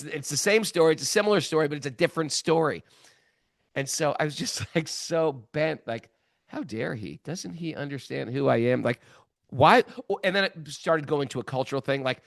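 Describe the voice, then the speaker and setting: A man in his sixties, hosting a podcast, telling a self-mocking story in a casual, animated way with plenty of fillers. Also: on the high side, dry recording, clean studio sound. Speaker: podcast host.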